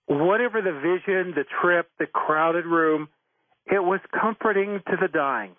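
A man being interviewed about his book, telling stories in a gentle, reflective way. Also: a little high, no room sound. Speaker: author and interviewee. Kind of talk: interview storytelling. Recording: tinny phone line, dry.

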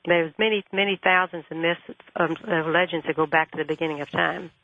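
A woman guest calling in to a radio show, telling a story and acting out the dialogue with lively energy. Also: lowish voice, a little fast. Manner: animated, acts out dialogue. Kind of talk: phone-in storytelling. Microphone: telephone. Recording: tinny phone line.

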